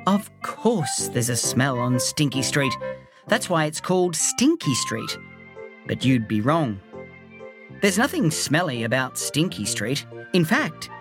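A woman narrating a children's story aloud in a playful, expressive way. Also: deep voice. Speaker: audiobook reader.

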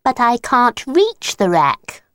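Lady doing a tiny eager girl voice, squeaky high, reading a kids' book. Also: wildly swooping pitch, takes it slowly, no room sound, clean studio sound, heavily acted. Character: small eager young girl.

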